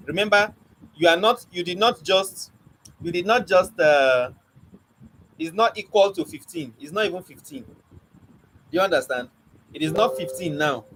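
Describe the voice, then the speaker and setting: Animated man teaching poetry. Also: fairly high pitch, slight background noise, low-quality recording. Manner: animated teacher, asks the class questions and drills points by repeating them; speaks with a stammer, quick bursts. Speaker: spoken word poetry teacher. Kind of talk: live online class lecture.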